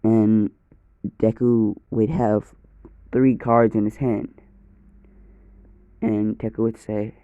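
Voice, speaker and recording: A man's voice: fairly low pitch, level tone, slow, long pauses, mellow, clean tone, no echo. A man casually narrating an improvised fan story, rambling and swearing freely, on a dull lo-fi recording.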